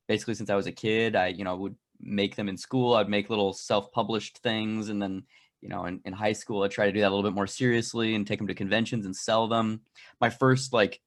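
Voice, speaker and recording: A man, a guest on an interview show, talking casually in a dry, deadpan way that he says sounds sarcastic. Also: fairly low pitch. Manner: dry, self-described sarcastic-sounding delivery. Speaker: comic creator guest.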